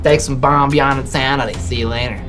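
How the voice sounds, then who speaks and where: A man's voice: mid-range voice, fairly even intonation, brisk, music in the background, lightly acted. A man putting on a drawling stoner bro. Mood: laid-back. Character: laid-back young male stoner bro.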